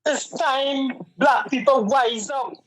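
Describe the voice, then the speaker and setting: A man's voice: very high-pitched, takes it slowly, a bit bright, rough recording. A man co-hosting a talk show, earnest and impassioned, always calling his partner "my brother.". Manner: earnest, keeps repeating "my brother". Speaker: co-host.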